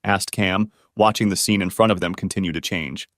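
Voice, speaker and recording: A man reading a story as scripted narration in a steady storybook voice. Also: deep voice, brisk, dry recording, studio quality.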